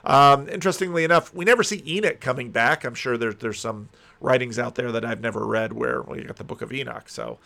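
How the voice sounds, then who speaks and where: A man's voice: mid-range voice, a little fast, gravelly, sharp tone. A man teaching through a Bible passage in a conversational video commentary, musing aloud and landing emphatic punches.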